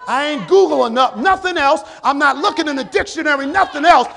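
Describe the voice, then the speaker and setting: A male pastor with an American accent preaching a sermon, often shouting and stretching out his words. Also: extremely high pitch, animated, vocal fry, a faint crowd. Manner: preaching with shouted, drawn-out exhortations. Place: church sanctuary.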